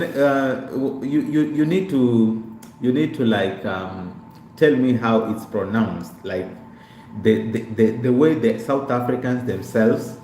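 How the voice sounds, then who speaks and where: Slow-talking young man in an echoey room. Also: mid-range voice, a little mellow. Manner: slow, chatty, repeats greetings to viewers. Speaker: live streamer. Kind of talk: casual live-stream chat. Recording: echoey room with faint background noise.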